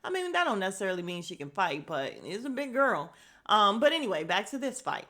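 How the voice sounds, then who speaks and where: A woman's voice: medium pitch, big pitch swings, fairly quick, sharp tone. A woman hosting a casual podcast recap, telling the story with lots of animation, acting out quotes and laughing often. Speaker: podcast host. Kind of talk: casual reality-show recap.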